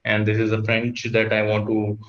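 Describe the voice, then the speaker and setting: A man's voice: lowish voice, monotone, moderate pace. A man, a student, introducing himself in an online class, hesitant and full of uhs and restarts, heard over a video call. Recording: muffled video call audio.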